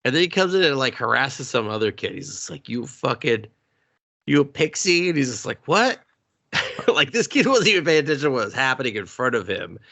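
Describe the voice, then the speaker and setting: Animated, profane man co-hosting a podcast. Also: medium pitch, fairly quick, vocal fry. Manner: profane, animated retelling with put-on voices. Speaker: podcast co-host. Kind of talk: casual movie review chat.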